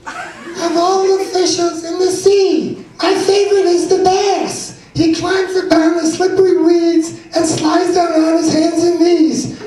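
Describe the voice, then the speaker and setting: An older man voicing his inner child, who recites a silly poem in a slow sing-song. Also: very high-pitched, fairly even intonation, warm tone, slight background noise, voice pushed up. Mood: proud. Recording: echoey room from a distance, audience.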